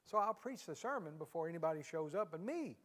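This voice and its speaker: A man's voice: a little high, lively intonation, fast talker. A middle-aged man, a pastor, chatting casually and folksily in a Q&A, joking and often saying "man". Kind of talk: casual Q&A chat. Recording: long hall reverb.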